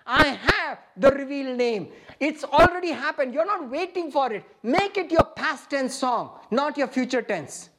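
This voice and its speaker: A man's voice: extremely high pitch, expressive, moderate pace, few pauses. A man preaching a sermon, reading scripture and questioning his listeners with emphatic, rising delivery. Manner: emphatic, rising to shouts, asks the audience questions.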